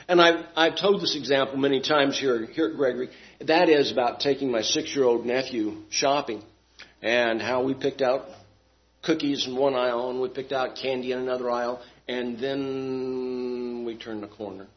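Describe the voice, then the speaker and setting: Emphatic preacher man, lo-fi recording. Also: mid-range voice. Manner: emphatic, rhetorical questions, swings loud and soft. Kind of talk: sermon. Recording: dull lo-fi sound.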